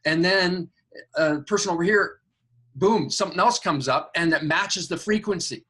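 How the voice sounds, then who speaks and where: A man, a podcast guest and coach, telling an animated story about angels and synchronicity with enthusiasm. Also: normal speed, slightly rough. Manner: acts out angels' voices in a higher, excited tone; enthusiastic, spiritual coaching talk.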